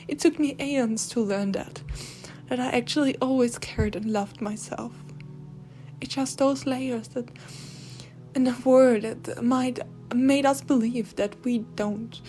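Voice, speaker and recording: A young woman giving a channeled spiritual reading, speaking slowly and gently and often slipping into a soft whisper. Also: on the high side. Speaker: intuitive card reader.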